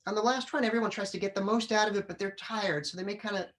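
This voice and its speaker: A middle-aged man giving a humorous storytelling speech to a club audience, animated, acting out his family's lines. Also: high voice, fast. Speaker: public speaker. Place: club meeting room.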